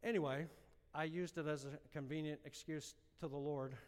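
A man's voice: fairly high pitch, steady tone, moderate pace, smooth. Impassioned preacher man in a reverberant hall. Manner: emotional storytelling, rising to impassioned shouting. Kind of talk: sermon.

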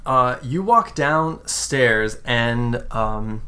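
A woman narrating a tabletop role-playing game as game master, halting often with fillers. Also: rumbling low, animated, bright, forceful tone.

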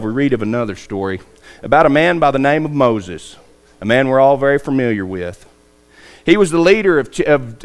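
A man preaching a sermon, retelling scripture stories, acting out the quotes and asking rhetorical questions, swinging from loud lines to hushed ones. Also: medium pitch.

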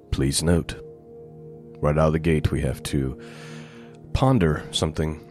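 A man giving a relaxed, conversational Bible teaching, reading scripture aloud with rising emphasis. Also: extremely low pitch, unhurried, long pauses, faint music behind. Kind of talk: conversational Torah portion teaching.

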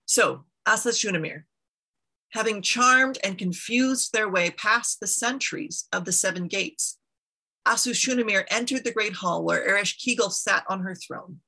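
Gravelly, bright-voiced woman storyteller. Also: medium pitch, measured pace, poor audio. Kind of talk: storytelling a myth with casual asides.

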